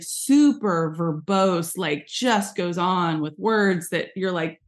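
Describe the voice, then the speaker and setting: An American woman talking as an interview guest in casual chat, chatty and emphatic, with many "like" fillers, over a video call. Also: mid-range voice. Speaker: guest, branding agency founder.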